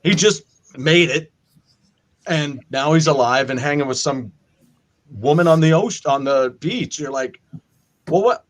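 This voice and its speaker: Higher-pitched man, animated storyteller. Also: unhurried, long pauses. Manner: animated storytelling, acts out quotes. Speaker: podcast co-host. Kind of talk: casual chat.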